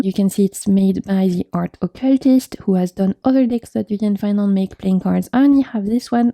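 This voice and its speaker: Young woman with a gravelly, dark voice, chatty and gushing over her deck collection. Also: mid-range voice, dry recording. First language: French. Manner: enthusiastic, gushing, frequent laughs and fillers. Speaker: tarot vlogger. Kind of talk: casual chat showing tarot decks.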